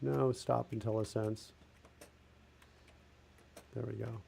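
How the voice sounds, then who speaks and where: Slow and steady, this man's mid-range voice is warm and creaky with a breathy edge. He narrates a live coding stream casually, thinking out loud while typing and fixing his own mistakes.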